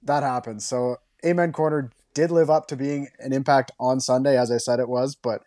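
A man's voice: medium pitch, fairly even intonation, mellow, no echo, clean studio sound. A man co-hosting a sports podcast, giving enthusiastic analysis in casual chat. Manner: enthusiastic, fast-flowing analysis. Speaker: podcast co-host.

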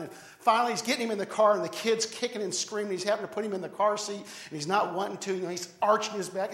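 Male pastor with a high voice, conversational preaching style with lots of restarts, recorded in an echoey sanctuary. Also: steady tone, quick pace, few pauses, a bit bright. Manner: conversational preaching, frequent repeated words and restarts. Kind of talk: sermon. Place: church sanctuary.

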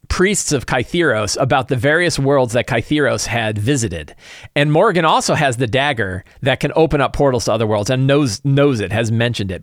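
Game master, male, rambling and lively, dry close sound. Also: medium pitch, no room sound. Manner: rambling with many restarts. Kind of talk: casual game prep talk.

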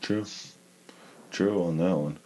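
A man casually talking about a movie with friends, relaxed and rambling, with many fillers. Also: sits low, takes it slowly, a little hiss or hum.

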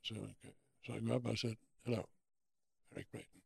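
Older German-accented man, fry-edged voice, animated anecdotal interview guest. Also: on the low side, a little fast, dry recording, studio quality. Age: 80s. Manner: animated anecdotes with acted-out quotes. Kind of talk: storytelling interview.

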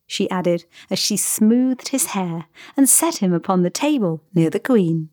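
A woman reading a classic children's book aloud as a volunteer audiobook narrator, with gentle storytelling. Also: medium pitch, animated, unhurried, few pauses, dry recording, studio quality.

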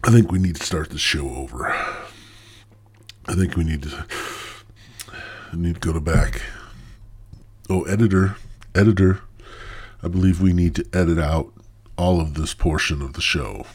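A man's voice: sits low, normal speed, pauses often, a little mellow, slightly rough. A stoned man hosting his own podcast in a crude, rambling monologue that loses its thread. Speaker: podcast host.

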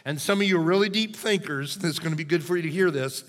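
A male pastor preaching a sermon in a church sanctuary, emphatic and animated, often checking in with his listeners. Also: on the high side, fast. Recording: long hall reverb.

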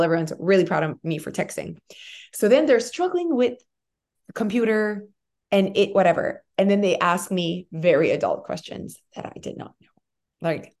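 A woman in her thirties, co-hosting a podcast in a casual chat, telling an animated, rambling story full of fillers. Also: lowish voice, normal speed. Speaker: podcast co-host.

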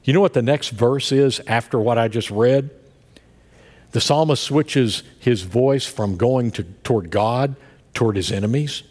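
A husky-voiced middle-aged man preaching from the pulpit. He tells his story in a conversational way that drops to a hush and then rises to a shout, and the sound carries a long church reverb. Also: mid-range voice, a little slow. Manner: storytelling preacher, swings from soft murmurs to loud outbursts. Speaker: pastor. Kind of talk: sermon.

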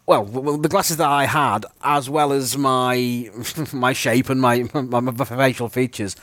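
A man's voice: medium pitch, fairly even intonation, unhurried, a bit bright, no echo. A young man co-hosting a podcast, telling stories in a rambling, self-mocking way. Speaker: podcast co-host. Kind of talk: casual chat.

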